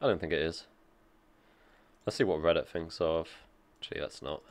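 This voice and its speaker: A man's voice: very deep voice, normal speed. A man reading an article aloud and reacting with offhand, dry remarks in a casual tech commentary.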